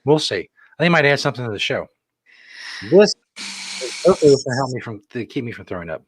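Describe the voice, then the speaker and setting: A man's voice: medium pitch, big pitch swings, quick pace, husky, no room sound. A middle-aged man co-hosting a casual chat show, wry and self-mocking as he reads out viewer comments. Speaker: co-host.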